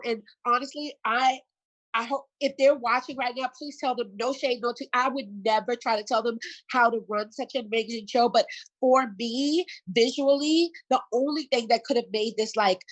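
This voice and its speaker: A woman talking emotionally in a casual online panel, tearful and apologetic, with frequent halting restarts. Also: fairly high pitch, poor audio. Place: home, alone.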